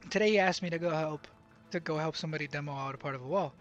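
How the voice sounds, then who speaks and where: A young man tells a story from his job site in a loose, rambling way, full of fillers and false starts. His voice sits a little high for a man. Faint music plays underneath. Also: racing, lo-fi sound. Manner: rambling, lots of fillers and restarts; bilingual, speaks Spanish at work. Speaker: vlogger. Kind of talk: casual storytelling.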